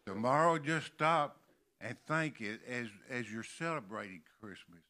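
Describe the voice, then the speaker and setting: An older man from Kentucky preaching a sermon in a church, slowly stressing and repeating key words. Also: mid-range voice, lively intonation, sharp tone. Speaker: pastor. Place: church sanctuary.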